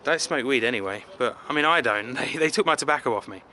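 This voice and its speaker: A man's voice: medium pitch, animated, fast talker, pushed and bright, a little hiss or hum. A man from England vlogging casually outdoors, rambling and self-deprecating with lots of filler words. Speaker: travel vlogger. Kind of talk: casual rambling travel vlog. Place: outdoors in a city.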